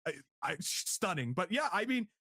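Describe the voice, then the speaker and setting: A man co-hosting a casual podcast review, laughing often and acting out quotes in higher voices. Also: very animated, normal speed, vocal fry, sharp tone, no room sound, clean studio sound. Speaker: podcast co-host.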